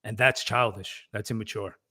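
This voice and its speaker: A man's voice: lowish voice, fairly even intonation, moderate pace, bright, forceful tone. Emphatic male podcast co-host. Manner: emphatic, profane, keeps asking "right?". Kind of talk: casual podcast chat.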